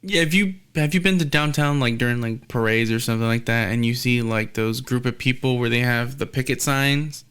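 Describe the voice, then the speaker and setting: A male podcast host in loose conversation, his voice carrying a gravelly rasp. He rambles through a personal story, slipping into the voices of the people he quotes. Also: mid-range voice, brisk, few pauses, a bit bright. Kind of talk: casual conversation.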